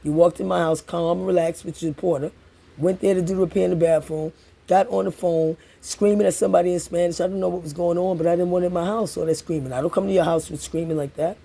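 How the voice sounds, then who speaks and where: A man's voice: high-pitched, fairly even intonation, fast talker, gravelly, mellow. A man in an angry, profane rant, hurling accusations at someone and repeating himself. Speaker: tenant confronting building super.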